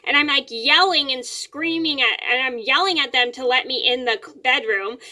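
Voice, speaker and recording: Bright-voiced young woman rambling a story. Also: high voice, normal speed. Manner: rambling, repeats and restarts words, many fillers. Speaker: vlogger. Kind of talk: casual storytelling to camera. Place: her bedroom at home.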